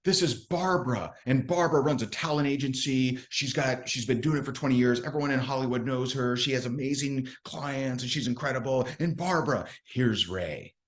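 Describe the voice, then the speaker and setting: A man's voice: mid-range voice, fairly quick, few pauses, voice pushed up, natural voice. A man voicing an eager woman sales rep who gushes while introducing someone on a call. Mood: gushing.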